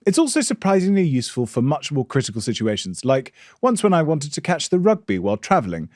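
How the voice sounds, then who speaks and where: A man hosting a podcast, explaining at a measured pace with some stammering restarts. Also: fairly high pitch, wildly swooping pitch, darkish tone, no room sound, clean studio sound. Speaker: podcast host. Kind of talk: interview and read ad.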